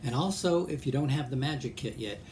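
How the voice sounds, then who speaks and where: A man's voice: medium pitch, expressive, fairly quick, a little mellow. A man casually teaching a magic trick, chatting and addressing an imagined audience of kids. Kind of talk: casual tutorial demonstration. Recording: echoey room with mains hum.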